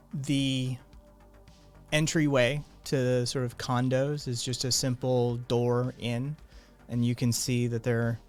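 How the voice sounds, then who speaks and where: A man's voice: medium pitch, darkish tone. A man narrating a tabletop game as game master, in loose, filler-heavy narration with many restarts.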